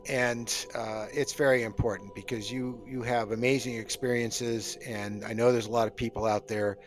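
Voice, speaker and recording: A man hosting an interview show, speaking haltingly with frequent fillers. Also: medium pitch, steady tone, soft background music. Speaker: host.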